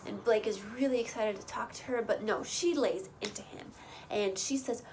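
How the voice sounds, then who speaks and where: A woman's voice: mid-range voice, moderate pace, a little mellow, a little hiss or hum, low-quality recording. A young woman casually recapping a reality show in a chatty, opinionated way, with rambling asides. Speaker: recap vlogger.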